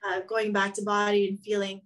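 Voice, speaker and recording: A woman guest on a podcast speaks in a reflective, loose manner, circling her thoughts with many "like"s and restarts. Her pitch sits in a middle range. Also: completely flat delivery, fairly quick, fairly bright tone, poor audio. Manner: reflective, rambling with many fillers. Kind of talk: casual conversation.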